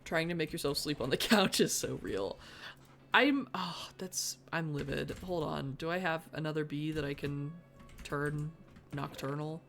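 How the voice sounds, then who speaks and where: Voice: medium pitch, steady tone, moderate pace, creaky, fairly bright tone. A streamer thinking aloud through live gameplay, with mock-dramatic bursts of frustration. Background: faint background music.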